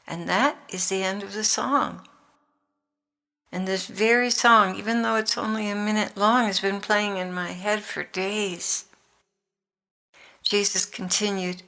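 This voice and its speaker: An older woman narrates a devotional reading earnestly and from the heart. Her voice is bright and slightly gravelly. She speaks slowly. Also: medium pitch, fairly even intonation.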